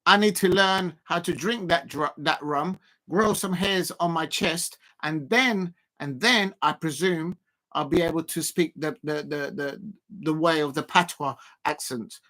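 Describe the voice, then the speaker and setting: Man, fairly high voice, excitable, rambling, laughs a lot, casual live stream host. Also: a little slow. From South London, Colombian roots.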